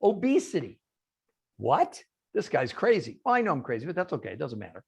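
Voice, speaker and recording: Gravelly and breathy, a man's slightly high voice swings hugely in pitch and runs a little fast. He's a guest speaker giving an animated, emphatic presentation on a group video call, answering his own rhetorical questions.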